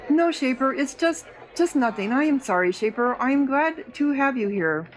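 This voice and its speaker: A woman's voice: high-pitched, animated, moderate pace, noisy background. A woman voicing a timid, apologetic female cat-folk innkeeper in a fantasy game. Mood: worried.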